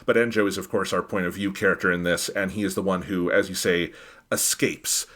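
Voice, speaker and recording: A low-voiced man speaks briskly as he co-hosts an anime review podcast, working through a film's themes in a casual, analytical and thoughtful way. He becomes animated whenever he quotes characters.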